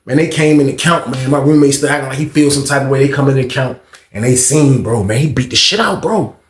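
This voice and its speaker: A man's voice: mid-range voice, fast talker, reverberant. A man hosting a casual storytime vlog, telling it loose and slangy, saying "man" often. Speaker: storyteller host.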